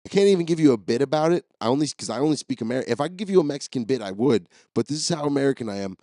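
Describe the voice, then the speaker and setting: A man's voice: medium pitch, animated, very fast, warm tone, dry recording, studio quality. A man hosting a podcast, telling rambling, profane, jokey stories as a comedic solo monologue. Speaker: podcast host.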